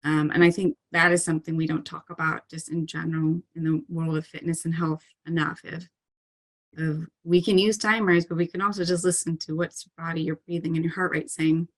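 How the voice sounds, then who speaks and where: Low-voiced chatty woman guest. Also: little pitch movement, a little fast. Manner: chatty and earnest, many "um" and "like" fillers, light laughs. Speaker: parkour coach, interview guest. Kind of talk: casual interview talk.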